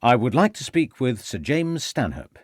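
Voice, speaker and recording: A man's voice: medium pitch, big pitch swings, no room sound, studio quality, voice pushed up. A man voicing a determined male police inspector who speaks firmly and assertively. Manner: firm, assertive, measured.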